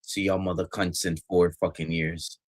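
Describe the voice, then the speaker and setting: A man watching a soccer match and reacting live, profane and swinging from shouted outbursts to low muttering. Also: little pitch movement, moderate pace, no room sound, studio quality.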